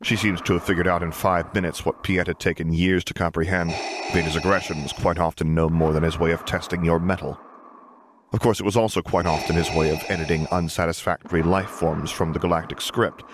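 Male audiobook reader, very low voice, measured narration, background noise. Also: steady tone. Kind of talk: scripted narration of fan fiction.

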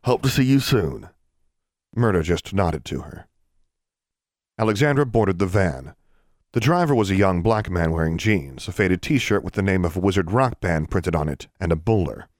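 A man narrates a fantasy novel in a steady, measured reading voice. His pitch sits very low, and the recording is dry, with no room sound around it. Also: no room sound. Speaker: audiobook narrator. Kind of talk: scripted narration.

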